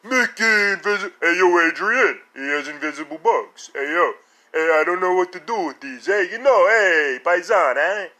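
A man's voice: sits high, lively intonation, normal speed, pushed and bright, heavily acted. A man putting on a brash, insulting tough guy. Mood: yelling. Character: loud brash Staten Island tough guy, male.

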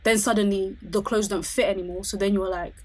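A woman's voice: mid-range voice, steady tone, fairly quick. Casting: woman co-host, thoughtful and conversational. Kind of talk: casual chat.

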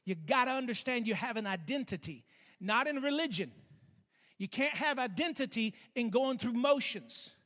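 A man preaching a sermon, speaking emphatically, stretching key words slowly and calling for responses from the congregation. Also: very high voice, expressive, fairly bright tone. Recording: long hall reverb.

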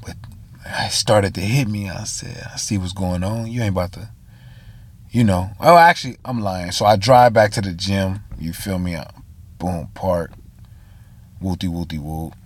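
A man's voice: fairly low pitch, husky, dry recording. A tired man, telling a story on a casual solo podcast with slang, fillers and asides to listeners. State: tired, yawning. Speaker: podcast host.

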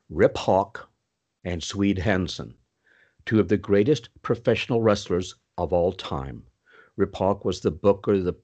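Animated older male storyteller. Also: breathy edge. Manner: animated storyteller with sudden swoops in pitch; puts on Southern voices for quoted people. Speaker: interview guest. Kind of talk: storytelling in a podcast interview.

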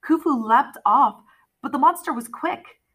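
Woman narrator for an audiobook. Bright, lively delivery that voices the characters. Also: sits high, unhurried. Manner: expressive storytelling, voicing characters. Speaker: audiobook reader.

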